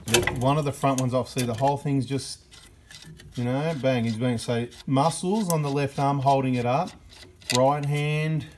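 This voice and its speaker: An Australian man talks through suspension work in a workshop, chatty and full of jokes. He keeps checking in with his listener. His voice sits at an ordinary middle pitch, with a faint hiss of noise behind it. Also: fairly even intonation, moderate pace. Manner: chatty and joking, keeps checking in with "right?" and "mate". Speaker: mechanic and workshop host. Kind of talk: casual workshop commentary.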